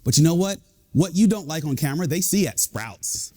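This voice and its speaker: A man speaking to a live audience as a leadership speaker, his voice warm and dark in tone. His pitch sits a little high for a man and swings widely as he jokes and banters with the crowd. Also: brisk. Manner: lively, joking, animated delivery. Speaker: executive coach and leadership speaker.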